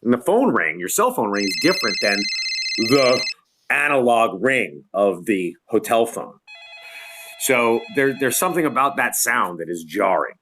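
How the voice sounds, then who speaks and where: A middle-aged man spins a tour story with a swooping, lively pitch, acting out the other people's lines and breaking into laughter. He talks casually from his home, heard through a video call. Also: measured pace, background noise. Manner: animated storyteller, acts out quotes, laughs often. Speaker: guest lighting designer.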